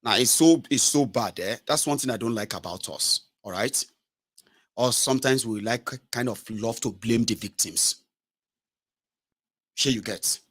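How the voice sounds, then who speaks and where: At a measured pace, with a fairly bright and slightly breathy voice, a Nigerian channel host and political commentator delivers an animated monologue. He switches among English, Pidgin and Yoruba, accent clearly Nigerian English, and does high-pitched impressions of callers.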